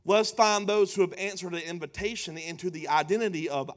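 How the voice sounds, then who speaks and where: A man preaching a sermon, emphatic and playful, swelling to loud lines. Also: high-pitched, moderate pace. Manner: emphatic, building to loud punchlines, playful asides.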